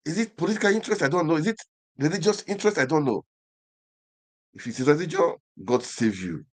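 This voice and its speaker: A man's voice: a little high, lively intonation, fast. A man with a Nigerian accent hosting an online show, delivering an impassioned commentary monologue full of repeated phrases and rhetorical questions.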